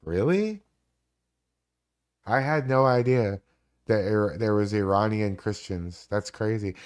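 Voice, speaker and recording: A man in his forties with a lowish voice chats on a live stream, swearing freely as he rambles. He jumps from one story to the next with animated, loose energy. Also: a little slow, smooth. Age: 40s. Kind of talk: casual live-stream chat.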